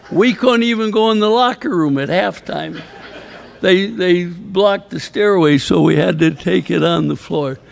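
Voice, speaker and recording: This retired coach, an older man and inductee, has a high, creaky voice. At the awards ceremony in a banquet hall he tells a rambling story, chuckling as he goes and quoting others anecdotally.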